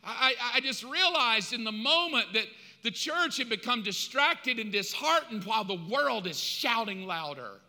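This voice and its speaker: Bright-voiced impassioned male preacher. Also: extremely high pitch, very animated, moderate pace, hardly any pauses. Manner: impassioned, swings from loud preaching to quiet asides. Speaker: pastor. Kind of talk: sermon. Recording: long hall reverb.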